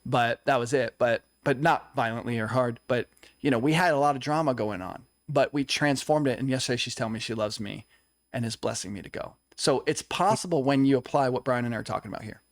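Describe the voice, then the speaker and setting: Here the young male co-host talks a little fast in a mid-range voice, recounting something personal in an earnest, confessional way. He acts out others' dialogue within the story, and the recording is dry.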